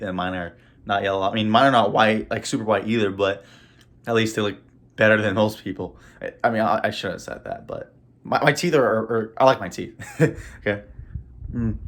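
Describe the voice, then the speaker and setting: A young man with a somewhat low voice talks off the cuff about his big dreams. He rambles and trips over his words, laughing as emotion catches in his throat. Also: fairly bright tone. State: emotional, choked up. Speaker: vlogger. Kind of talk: casual motivational monologue.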